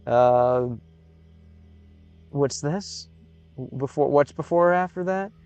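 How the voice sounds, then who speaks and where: Halting American man streaming. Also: a little high, a little mellow, clean tone, faint music behind. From United States. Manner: halting, repeats words, sounds out foreign phrases slowly. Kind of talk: casual live-stream commentary.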